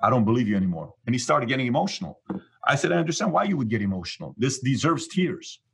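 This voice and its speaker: A man's voice: medium pitch, sing-song, fast, gravelly, slightly rough. A man from Iran, a guest in an interview, telling stories and acting out both sides of past conversations. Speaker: guest, business leader. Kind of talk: storytelling in an interview.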